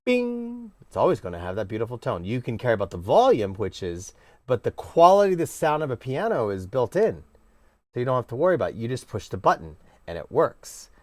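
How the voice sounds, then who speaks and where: A man gives a casual cello lesson, his pitch swinging widely as he stresses each point. He teaches playfully and emphatically, with sudden exclamations. The sound is close and dry, with no room around it. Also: big pitch swings, fairly quick, a little mellow, no echo. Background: cello playing.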